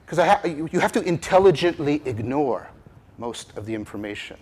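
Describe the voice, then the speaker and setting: A man giving a conference lecture on cognitive science, with animated emphasis, rhetorical repeated questions and frequent restarts. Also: on the high side, fairly quick, a little hiss or hum. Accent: Canadian English. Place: lecture room.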